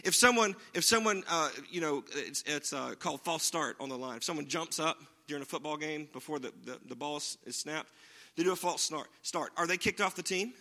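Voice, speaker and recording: A pastor delivers a sermon in a conversational style, regularly checking in with listeners by asking "right?". His voice is fairly high and bright, with a forceful tone and a fairly quick pace.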